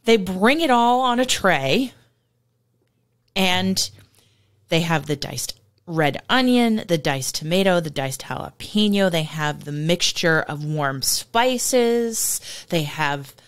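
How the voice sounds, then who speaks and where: A woman's voice: on the low side, lively intonation, slow pace. A woman co-hosting a podcast, chatting casually and enthusiastically about food in vivid detail. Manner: enthusiastic, descriptive, laughs easily. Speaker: podcast co-host.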